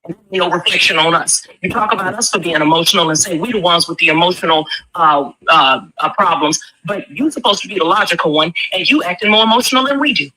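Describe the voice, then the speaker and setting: A woman's voice: fairly low pitch, fast talker, hardly any pauses, bright, forceful tone, low-quality recording. A woman, talking with emphatic, preachy force and rhetorical questions. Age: 40s. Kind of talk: impassioned commentary.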